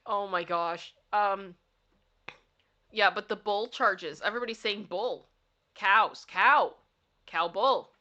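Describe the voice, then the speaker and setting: On a casual livestream, a woman reads funny signs out loud and answers her chat, giggly, playful and frequently laughing. Her medium-pitched voice is bright and forceful, moving slowly with frequent pauses, and the audio is dull.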